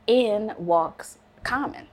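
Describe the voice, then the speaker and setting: Speaking extremely slowly in a medium-pitched voice, a wine consultant from Chicago shares stories on her casual vlog. She gets animated, performing the voices of the people she quotes.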